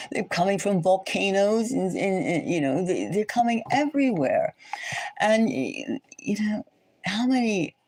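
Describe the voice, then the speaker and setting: Woman, livestream host, low voice, very lively pitch, rambling, indignant, rhetorical questions, dry close sound. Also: no echo. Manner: rambling, many restarts and fillers. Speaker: tarot channel host. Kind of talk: livestream chat monologue.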